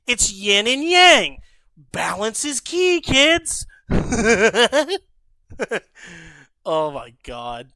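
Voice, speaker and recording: A young man streaming live, shouting, laughing and swearing in casual chat. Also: high voice, wildly swooping pitch, drawn-out words, long pauses, no room sound.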